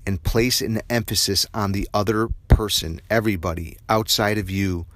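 A man's voice: lowish voice, moderate pace, a bit bright, dry recording. A man hosting a podcast, giving an earnest, reflective spiritual self-help tip. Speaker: podcast host.

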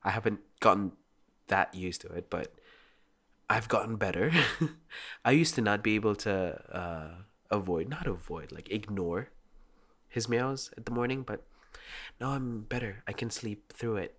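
A man's voice: lowish voice, a little slow, fairly bright tone. A young man chatting casually and rambling, with lots of "like" and frequent laughter. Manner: rambling, heavy use of "like", laughs often.

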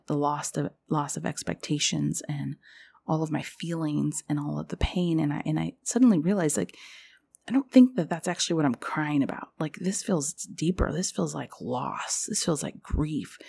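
A woman's voice: sits low, creaky, dark tone, breathy edge. A young woman hosting a podcast, talking in a rambling, confessional way with lots of fillers. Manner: rambling, confessional, heavy use of "like". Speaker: podcast host. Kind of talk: casual spiritual podcast monologue.

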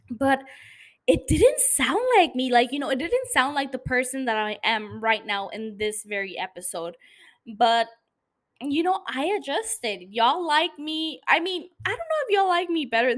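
Woman host with a non-native accent, a little tipsy, blunt and profane, higher-pitched. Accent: non-native English accent. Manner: profane, blunt, animated ranting with laughs. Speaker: podcast host. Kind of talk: casual podcast monologue.

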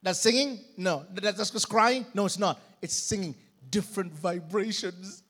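A man's voice: sits high, moderate pace, a bit bright, breathy edge, heavily acted. A man voicing nosy, fretful talking prison walls that ask fussy questions. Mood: puzzled.

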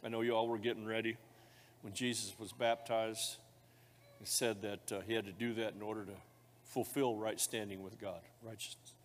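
A male pastor preaching a sermon, moving between loud fervent declarations and quiet, intimate speech, with a folksy, joking touch. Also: fairly low pitch, flat delivery, normal speed, slight background noise. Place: church sanctuary. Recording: long hall reverb of a church.

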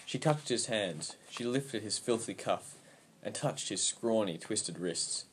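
A man with a fairly low voice reads a story aloud in a steady, even manner. His narration stays calm and measured from line to line, and he keeps the telling plain and clear. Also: slight background noise. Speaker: audiobook narrator. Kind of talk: scripted narration.

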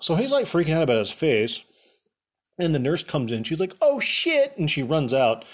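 A man's voice: a little high, expressive, brisk. A young man casually recapping a movie for laughs, rambling with lots of fillers and sarcastic asides.

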